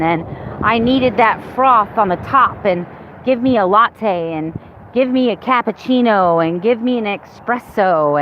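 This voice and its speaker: A woman's voice: mid-range voice, highs cut off, slight background noise. Candid rambling woman in her fifties. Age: 50s. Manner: candid and rambling, with many restarts. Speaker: vlogger. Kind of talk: casual chat to camera.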